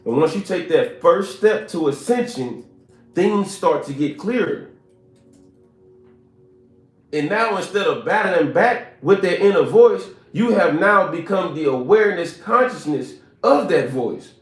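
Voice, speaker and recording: A fairly high-voiced man speaks with emphatic, preacher-like drive, repeating his points and calling on viewers to answer in the chat. The room around him rings with echo, and soft music sits underneath. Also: animated, unhurried. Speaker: motivational speaker. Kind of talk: motivational live stream talk. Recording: roomy echo with faint music.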